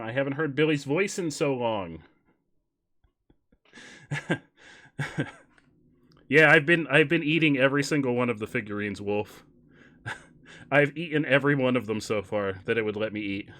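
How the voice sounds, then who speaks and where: A man's voice: mid-range voice, lively intonation, moderate pace, long pauses, a bit bright. A man chatting casually on a live stream, telling dad jokes, laughing often and correcting himself as he rambles. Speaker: game streamer.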